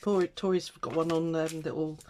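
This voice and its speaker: A woman talks through her craft work in a relaxed, chatty way, muttering to herself and laughing now and then. Her voice sits low and mellow, a little rough from the morning. Faint noise and clicks sit behind her. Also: brisk. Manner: chatty, self-talking, laughing asides. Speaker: craft channel host. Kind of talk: casual crafting chat.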